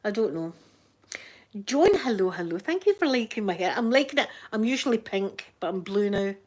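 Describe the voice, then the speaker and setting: A Scottish woman with a broad accent chats casually on her livestream as a YouTuber, reading out viewers' names and laughing often. Her mid-range voice is animated and darkish in tone, at a normal speed.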